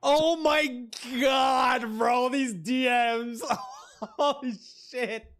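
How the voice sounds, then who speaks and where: A man streaming live, reacting loudly with exclamations and swearing. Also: extremely high pitch, fairly even intonation, very slow, smooth. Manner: loud, laughing, swearing, exclamatory.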